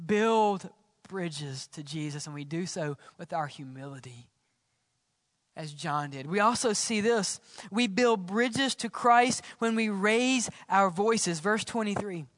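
Preaching man with dramatic hushed drops. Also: high voice, unhurried, dry recording, studio quality, in a large hall. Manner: dynamic preaching, swinging from loud exclamations to hushed whispers. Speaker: pastor. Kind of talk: sermon. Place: church.

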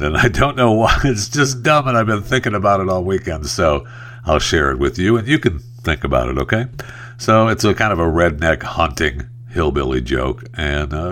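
Wry male host, very low voice, loose joke-telling monologue. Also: fairly bright tone. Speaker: radio host. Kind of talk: casual talk-show monologue.

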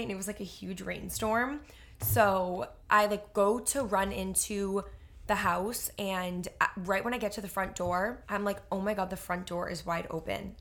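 A woman co-hosting a podcast, telling a story in a casual, animated way with lots of fillers. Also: medium pitch. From Boston area. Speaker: podcast co-host. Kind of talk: casual chat.

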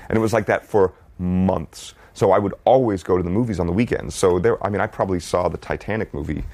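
Male actor guest, low voice, dry close mic, loose rambling delivery. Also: racing, hardly any pauses, darkish tone, dry recording. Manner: easygoing, rambling with restarts. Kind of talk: casual interview chat.

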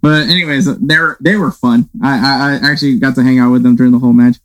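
A man's voice: mid-range voice, steady tone, fast talker, low-quality recording. A man co-hosting a casual soccer podcast, rambling with frequent laughs and restarts. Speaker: podcast co-host. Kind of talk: casual sports chat.

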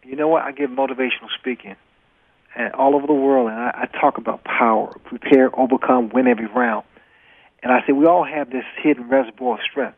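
Gravelly man on a tinny phone line. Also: medium pitch, lively intonation, a little fast, dry recording. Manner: earnest, repeats phrases for emphasis. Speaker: retired boxer, guest. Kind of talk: interview storytelling.

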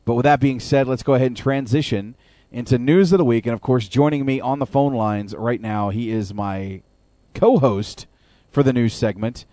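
A man's voice: mid-range voice, moderate pace, mellow, no room sound. A man hosting a wrestling radio show in a casual, upbeat way with frequent filler words. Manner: upbeat, filler-heavy patter.

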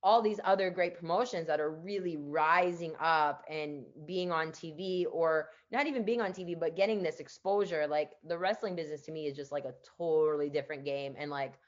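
A woman's voice: sits low, fairly even intonation, a little fast, few pauses. Chatty woman podcast host, lo-fi. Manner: chatty, peppers speech with "like". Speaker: podcast host, former wrestler. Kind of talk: casual interview chat.

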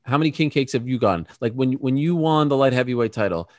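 A man's voice: mid-range voice, expressive, fast talker, dry recording. A man hosting a podcast in casual chat, playful and affectionately teasing. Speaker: podcast host.

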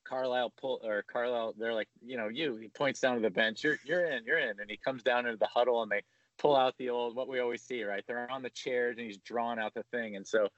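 A man's voice: mid-range voice, quick pace, dry recording, lo-fi sound. A man co-hosting a sports podcast, telling a story in casual chat and acting out the coaches' lines. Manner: animated, acts out coaches' lines while telling stories. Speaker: podcast co-host.

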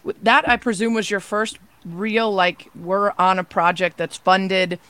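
Podcast host, female, measured and explanatory, close dry studio mic. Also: medium pitch, fairly even intonation, fairly bright tone, no room sound. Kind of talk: interview and scripted word-of-the-week segment.

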